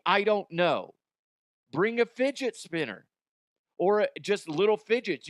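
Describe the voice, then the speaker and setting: Brief: foul-mouthed comedy news host, somewhat high voice, dry close sound. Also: male voice, a bit bright, no room sound. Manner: crude, ranting, mocking, breaks into silly voices. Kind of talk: profane comedic news commentary.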